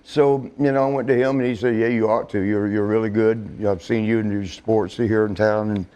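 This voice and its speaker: A middle-aged man telling a casual story, laughing often and swearing, acting out quotes in a higher voice. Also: steady tone, a little fast, mellow, clean tone, dull audio. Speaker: interview guest.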